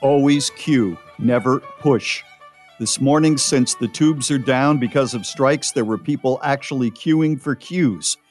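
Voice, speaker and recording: A man's voice: medium pitch, measured pace, darkish tone, faint music behind. A man co-hosting a radio show, chatting casually and reading out listener posts with his own asides. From United States.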